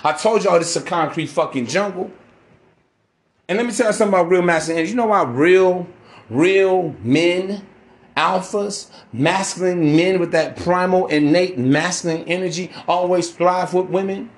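Brash podcast host, fairly high-pitched man, preachy rant. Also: moderate pace. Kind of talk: ranting monologue.

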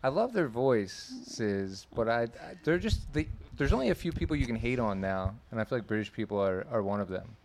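A man's voice: medium pitch, expressive, brisk, few pauses, darkish tone, slight background noise. A man as a podcast guest in casual chat, joking and mocking himself.

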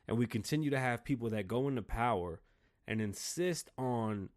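A man hosting his own show, ranting casually in an animated, profane, rambling way. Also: medium pitch. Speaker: show host.

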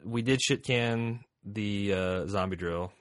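A man's voice: on the low side, slow pace, no echo, clean studio sound. A man with a Midwestern American accent co-hosting a podcast in casual, joking, profane chat. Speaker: podcast co-host.

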